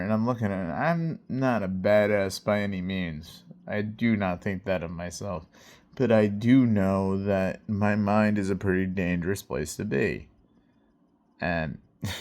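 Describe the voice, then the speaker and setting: A man's voice: lowish voice, measured pace. A man telling a story in a casual vlog, intense and heavy on swearing, often checking in with "right?" and "you know". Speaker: delivery driver telling a story.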